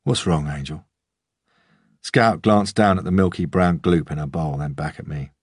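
A man narrating an audiobook in a measured, even manner. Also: low-pitched, no room sound, studio quality. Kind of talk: scripted narration.

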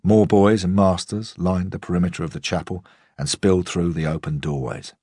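Deep husky male audiobook narrator. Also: fairly even intonation, normal speed, dark tone, no room sound, clean studio sound. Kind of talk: first-person audiobook narration.

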